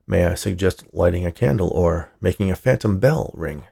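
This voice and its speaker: A man doing a deadpan, literal-minded robot. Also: deep voice, normal speed, creaky, heavily acted. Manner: precise, deadpan. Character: dry literal-minded robot assistant, male.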